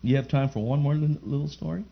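A man's voice: on the high side, steady tone, fast talker, vocal fry. A man giving a fervent church testimony, telling his story and rising into emphatic praise before a live gathering. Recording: muffled lo-fi recording.

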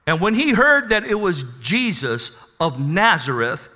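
A man's voice: high voice, big pitch swings, unhurried, pushed and bright, long reverb tail. A man preaching a sermon to his congregation, calling for amens and acting out Bible figures. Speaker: pastor. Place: church.

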